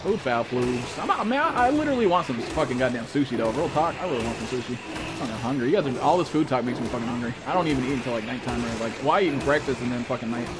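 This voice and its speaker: A male gaming streamer with an ordinary middle-pitched voice riffs live with his viewers at a quick pace, loose and profane, sprinkling "bro" and "dude" everywhere. A steady wash of noise sits under this casual stream commentary.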